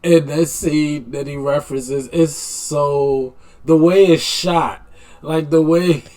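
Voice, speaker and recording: A man's voice: fairly high pitch, steady tone, a little mellow. A man with a slightly raised voice reacts in casual chat. He rambles and restarts his sentences, eager to share his views. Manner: rambling, halting enthusiasm. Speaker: reaction video host.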